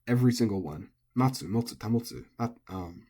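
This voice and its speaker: A man's voice: mid-range voice, fairly quick, dark tone, husky. A man, an English speaker, giving a casual recorded language lesson, thinking aloud with frequent ums and self-corrections. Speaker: language teacher.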